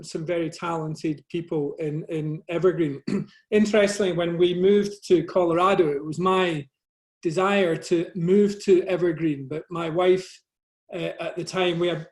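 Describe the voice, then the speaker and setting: A middle-aged man with a soft Scottish accent talks through his slides on a video call, in a modest, chatty way. His voice sits a little higher than most men's. He often pokes gentle fun at himself as he speaks. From Scotland. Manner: modest, conversational, self-deprecating. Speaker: guest speaker, photographer. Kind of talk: presentation over a video call.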